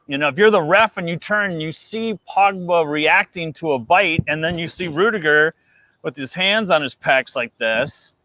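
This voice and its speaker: A man's voice: fairly high pitch, moderate pace, bright, forceful tone, dry recording. A man with an American accent co-hosting a football chat, heated and profane as he argues his point. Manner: heated, profane, talks through his reasoning. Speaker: co-host.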